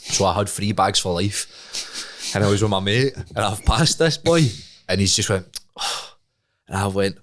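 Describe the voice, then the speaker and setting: Scottish man, young, low voice, casual podcast storytelling, acts out voices. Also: measured pace. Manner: animated, laughing, acts out voices in his stories. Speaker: podcast co-host.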